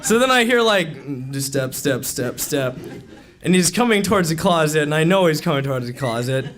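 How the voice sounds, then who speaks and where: Animated young man telling a story. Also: on the high side, normal speed. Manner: animated, laughing often, heavy use of "like". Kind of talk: live comic storytelling. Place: stage at a live storytelling event. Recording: noisy live event recording.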